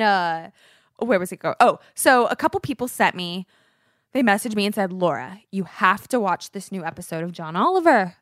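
A woman's voice: fairly low pitch, dry recording, studio quality. A woman in her thirties, a podcast co-host, telling a long personal story in casual chat, full of fillers and acted-out quotes.

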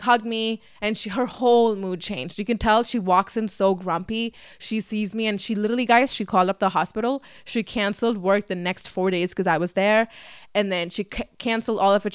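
A young woman whose first language is Tamil tells a story casually on her podcast. She swears freely and says "like" constantly. Her voice is smooth and crisp, recorded dry and close. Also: mid-range voice, a bit bright, no echo. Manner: chatty and profane, heavy use of "like". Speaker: podcast host.

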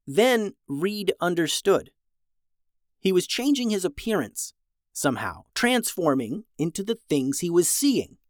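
A narrator reading a children's storybook aloud, lively, shifting voices for each character. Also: mid-range voice, a little slow, no echo, clean studio sound.

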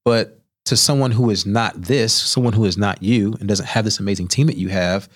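A young man, a chef, tells stories in a podcast studio in a lowish voice, with plenty of animation and a habit of acting out the people he quotes. His studio microphone keeps the sound close and clear. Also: brisk. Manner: animated storyteller who acts out quoted voices. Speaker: chef guest. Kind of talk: storytelling in a podcast interview.

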